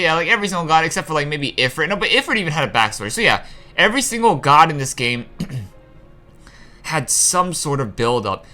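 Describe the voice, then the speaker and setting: A young man hosting a gaming channel casually rants about a game's story, frustrated and profane, with rambling asides. His voice is mid-range with a bright, forceful tone.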